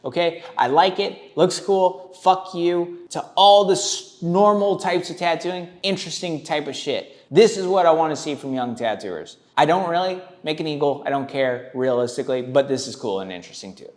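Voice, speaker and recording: A man's voice: on the high side, animated, moderate pace, few pauses. A man hosting, giving blunt, profane, rambling commentary on tattoos. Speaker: tattoo reaction host.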